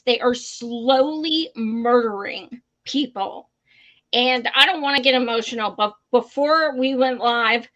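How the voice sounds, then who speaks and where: A woman's voice: a little high, a bit bright, lo-fi sound. A young adult woman co-hosting a political live stream, talking bluntly and profanely, laughing often. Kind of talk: casual livestream talk.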